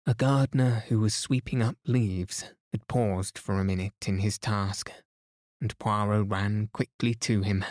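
A man narrating a classic detective story in a calm, steady bedtime reading meant to send listeners to sleep. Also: fairly low pitch, unhurried, no echo, studio quality. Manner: soothing, steady. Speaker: podcast narrator.

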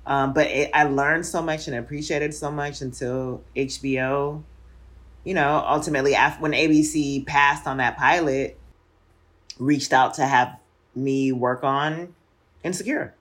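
A low-pitched woman in her forties speaks as an interview guest. She talks in a loose, reflective way, full of fillers. Her voice sits deep for a woman. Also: fairly even intonation, unhurried. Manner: reflective, laughs often, many fillers. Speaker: guest, show creator. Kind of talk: casual interview conversation.

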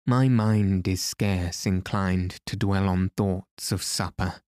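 Soft formal english lady, man reading it, slow and dry. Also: sits low, steady tone, clean tone, dry recording. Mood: gentle. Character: gentle, resolute English noblewoman.

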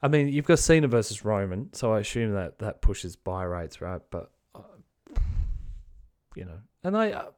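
A man's voice: on the low side, big pitch swings, normal speed, darkish tone. Blunt, swearing male podcast host. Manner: blunt, swearing, rambling with restarts. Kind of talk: casual opinion commentary.

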